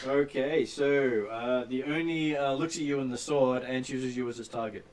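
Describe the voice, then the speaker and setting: A man's voice: mid-range voice, steady tone, normal speed, a little mellow. A man acting as game master, casually explaining the rules and the monster's moves. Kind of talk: running a tabletop game. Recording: far from mic, faint noise.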